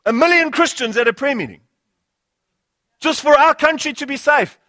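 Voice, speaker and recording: South African male preacher, high voice, dry close sound, punchy repeated phrases. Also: animated, moderate pace, bright, forceful tone, dry recording. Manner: rhetorical, repeating phrases and asking "Hello?". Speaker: pastor. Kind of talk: sermon.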